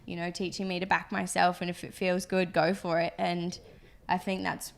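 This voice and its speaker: With vocal fry and a fairly low, level voice, this young woman speaks at a moderate pace. She co-hosts a podcast and is a business co-founder, and her casual chat rambles along with plenty of fillers.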